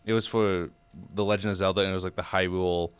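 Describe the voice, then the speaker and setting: Smooth low-voiced male gaming show host. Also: little pitch movement, quick pace, no echo. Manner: chatty, enthusiastic, many fillers like "like" and "um". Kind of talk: casual chat.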